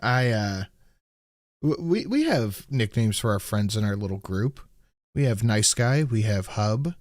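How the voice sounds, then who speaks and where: A man hosting a casual livestream podcast, blunt and low-key. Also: expressive, measured pace, dry recording, clean studio sound. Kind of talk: casual chat.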